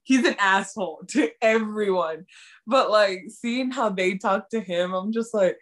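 A young woman chatting casually as a co-host, excitable and slangy, saying "like" a lot. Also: medium pitch, unhurried. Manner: excitable, slangy, heavy use of "like". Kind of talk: casual chat recapping a TV drama.

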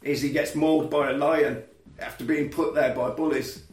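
A man casually retelling a film plot on a podcast, animated and swearing freely, jumping into loud voices for the characters. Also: on the high side, normal speed, reverberant. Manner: animated, shouts out quoted lines in put-on voices, swears freely. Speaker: podcast co-host recapping a film. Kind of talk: casual comedic chat.

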